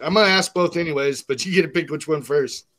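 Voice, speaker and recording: Animated high-voiced male podcast host. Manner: animated, acts out the people in his stories with quick shifts. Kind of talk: casual profane storytelling.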